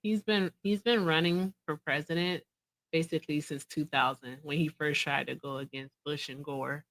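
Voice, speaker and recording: A woman's voice: deep voice, steady tone, normal speed, a bit bright. A woman hosting a casual interview and reaction chat, talking in a blunt, teasing, confrontational way. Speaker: host.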